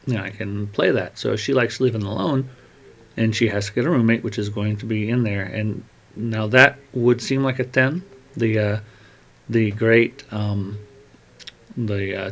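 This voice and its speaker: A man thinking aloud as he writes, meandering and trailing off, talking into a glove-covered mic with keyboard typing behind. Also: on the low side. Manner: meandering, muttering to himself, trailing off. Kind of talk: rambling think-aloud monologue.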